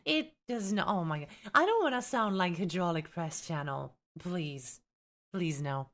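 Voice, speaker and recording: Young woman streamer, light Finnish accent, lively, swooping delivery, chatty and teasing with her viewers. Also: fairly low pitch, normal speed. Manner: chatty, reacts to viewers, teasing, exasperated laughs. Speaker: streamer and tabletop game content creator. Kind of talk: live stream chat and rulebook reading.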